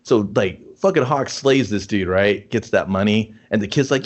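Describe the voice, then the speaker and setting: A lower-voiced man riffs through a film recap with his co-host, swearing freely and dropping into quick character voices. His pitch swings widely as he talks. The tone is loose, joking podcast banter. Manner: animated, profane, acts out scenes in quick voices. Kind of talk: casual movie-review banter.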